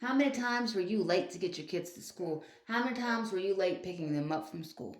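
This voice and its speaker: A woman's voice: medium pitch, lively intonation, fairly quick. A woman delivering an indignant commentary rant, scolding with repeated rhetorical questions. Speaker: online commentator. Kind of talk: ranting commentary video. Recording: roomy echo.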